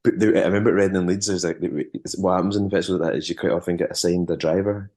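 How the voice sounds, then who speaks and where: A Scottish man with a very low voice spins loose, rambling tales in a relaxed interview. He stumbles and restarts often, and chuckles now and then while he talks. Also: rapid-fire. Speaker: musician and former tour manager. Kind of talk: casual interview storytelling.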